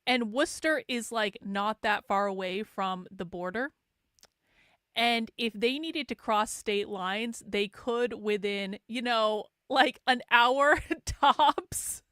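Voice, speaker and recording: A woman's voice: medium pitch, slow pace, fairly bright tone, clear, resonant tone, no echo, studio quality. A woman host from New Hampshire, sarcastically commenting on video clips in a blunt, casual way. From New Hampshire, USA. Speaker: show host reacting to clips.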